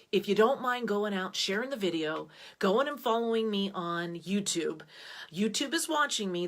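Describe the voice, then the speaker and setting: A middle-aged woman from the United States, hosting her own livestream show and chatting casually to viewers with an energetic, animated way of telling stories. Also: mid-range voice. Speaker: online show host.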